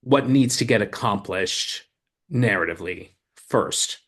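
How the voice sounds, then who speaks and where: A man's voice: lowish voice, unhurried, a bit bright. A lyricist and co-host in casual talk, explaining his craft with eager restarts as he thinks aloud.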